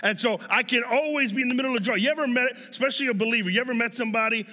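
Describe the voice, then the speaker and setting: A young male pastor with a high, bright voice, preaching in a relaxed, storytelling manner. His words ring out with a long hall reverb behind them. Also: rapid-fire. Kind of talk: sermon.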